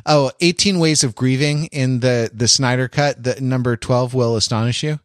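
Man, mid-pitched, dry close recording; rambling, self-amused co-host. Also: normal speed, no echo. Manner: rambling, restarts a lot, laughs at his own jokes. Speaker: podcast co-host. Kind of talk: casual chat.

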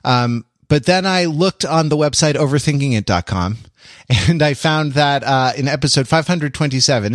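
A man's voice: medium pitch, animated, normal speed, dry recording, clean studio sound. A man hosting a podcast in casual chat, rambling with many fillers and restarts. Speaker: podcast host.

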